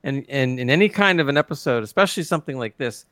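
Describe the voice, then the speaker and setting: This is a man co-hosting a casual review podcast. He is keen and rambling, backing up and restarting his thoughts as he goes. His voice sits at a middling pitch, and the recording is dry and close. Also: animated, fast, fairly bright tone, dry recording. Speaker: podcast co-host.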